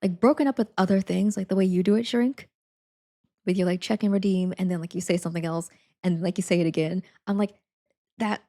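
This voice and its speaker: A woman's voice: mid-range voice, fairly even intonation, fairly quick, mellow. A young woman streamer chatting casually, rambling with lots of fillers and frequent giggles. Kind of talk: casual chat.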